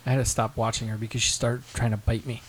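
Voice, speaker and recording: A man telling a story in casual chat with friends, animated, swearing and acting out what people said. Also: mid-range voice, fast talker, poor audio. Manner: animated storyteller, swears, acts out quoted lines. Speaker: podcast co-host telling a story.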